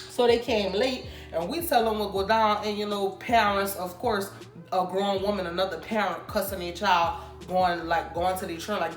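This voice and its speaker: A young woman casually telling a storytime, animated and acting out the people she quotes. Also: fairly low pitch, roomy sound. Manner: animated, acts out quoted people in raised voices. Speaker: storytime vlogger.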